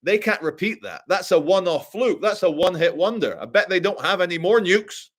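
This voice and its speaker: A man's voice: sits high, animated, a little fast. A boastful, arrogant emperor proclaims his people's greatness, as a man puts him on. He speaks in a proud, declaiming way.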